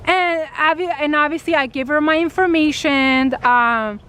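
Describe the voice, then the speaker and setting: High-voiced woman telling a story animatedly. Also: normal speed. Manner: animated retelling, acting out quoted dialogue, many fillers. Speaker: spiritual vlogger. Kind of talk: casual storytelling to camera.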